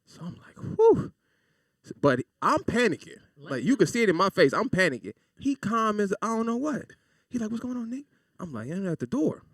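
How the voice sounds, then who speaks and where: Animated fast-talking man in his thirties. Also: high voice, no echo, clean studio sound, recorded from a distance. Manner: animated storyteller, acts out voices. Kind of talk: casual chat.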